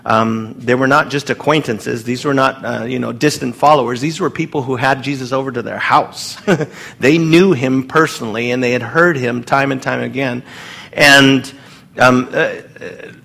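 A man's voice: steady tone, normal speed, gravelly, pushed and bright. A man preaching a sermon in a loose, conversational way, with fillers and asides, and acting out quoted lines. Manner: acts out quoted lines with rising pitch.

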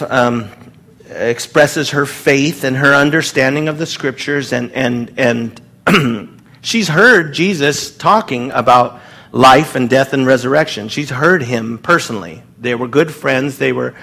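A man's voice: unhurried, gravelly, sharp tone. A man preaching a sermon in a loose, conversational way, with fillers and asides, and acting out quoted lines. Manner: acts out quoted lines with rising pitch.

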